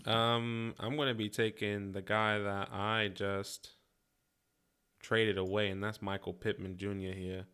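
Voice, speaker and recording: A man's voice: lowish voice, little pitch movement, a little slow, sharp tone, clear, resonant tone. A young man with a faint New York accent co-hosting a fantasy football draft, laid-back and chatty. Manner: laid-back, chuckling, talks through picks. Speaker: fantasy football podcast co-host. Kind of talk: casual live mock-draft chat.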